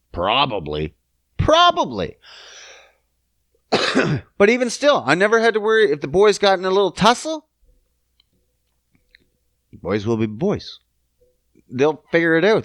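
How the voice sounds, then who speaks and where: A man in his thirties hosting a podcast, ranting casually and cursing as he swings between loud outbursts and low mutters. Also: no echo, studio quality. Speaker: podcast host.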